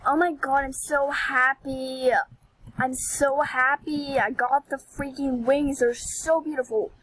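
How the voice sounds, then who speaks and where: A woman giving excitable, dramatic gameplay commentary as a gaming vlogger, squealing and whining over items. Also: high-pitched, slow, no room sound, poor audio.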